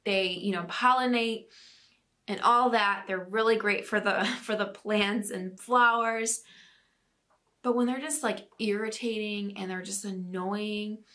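A woman's voice: mid-range voice, steady tone, unhurried, sharp tone. A woman in her thirties hosting a podcast, reading out listener stories and chatting casually with frequent laughs. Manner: giggly, chatty, laughs often. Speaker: podcast host.

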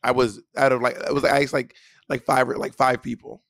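Gravelly-voiced man co-hosting a chat. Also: mid-range voice, fairly quick, no echo, studio quality. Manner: blunt, profane and animated. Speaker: co-host. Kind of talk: casual podcast chat.

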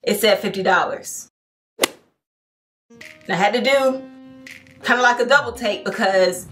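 A young woman vlogs to her viewers in an eager, talkative rush, full of casual slang and asides. Her voice sits at an ordinary middle pitch for a woman. Soft music plays faintly behind her. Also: takes it slowly, pauses often. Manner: excited, chatty and slangy, addresses viewers as y'all. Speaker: home decor vlogger. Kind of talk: casual vlog storytelling to camera.

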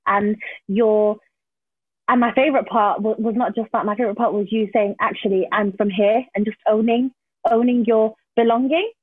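A woman's voice: fairly high pitch, steady tone, moderate pace, husky, no room sound. A woman hosting a poetry event, effusive and gushing with praise, with plenty of fillers. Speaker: event host. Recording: dry, phone-like line.

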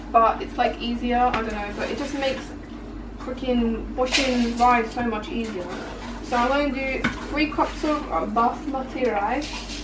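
Young woman, cooking vlogger, chatty and bubbly, slightly high voice, phone-filmed in a noisy kitchen. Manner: bubbly, chatty, rambling asides. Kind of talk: casual cooking vlog chat. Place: home kitchen. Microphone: handheld phone camera. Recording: noisy home kitchen recording.

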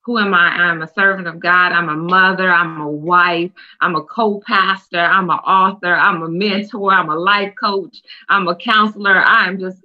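A woman's voice: on the low side, steady tone, moderate pace, few pauses. A woman prophetess and co-pastor introducing herself on a ministry talk show, listing her roles in church phrasing. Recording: dull lo-fi audio.

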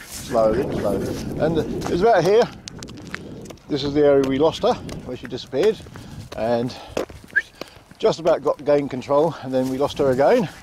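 A man talking calmly while walking his dogs outdoors and explaining how he trains them. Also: fairly high pitch, moderate pace, pauses often, background noise. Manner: calm, repetitive, calls out to the dog. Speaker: dog trainer. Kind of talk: casual walking commentary. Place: outdoors in fields.

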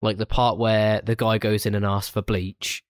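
A man's voice: on the low side, little pitch movement, normal speed, no room sound, studio quality. A man, co-hosting a casual film review podcast, swearing freely and laughing often. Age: 20s. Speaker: podcast co-host.

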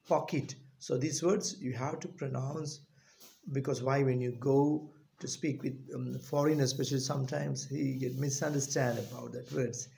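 A man with a Sri Lankan English accent teaching a pronunciation lesson, repeating each word slowly and deliberately. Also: mid-range voice, creaky, warm tone.

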